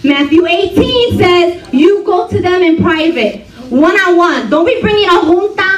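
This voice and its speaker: High animated woman preaching to women. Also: unhurried. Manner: animated, laughing, call-and-response. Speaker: women's ministry speaker. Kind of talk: sermon to a women's gathering. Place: church hall. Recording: roomy hall, distant mic, audience.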